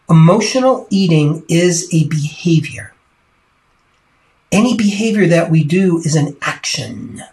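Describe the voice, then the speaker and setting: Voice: mid-range voice, a little mellow. A coach giving an earnest teaching talk, stressing and repeating key points to the listener.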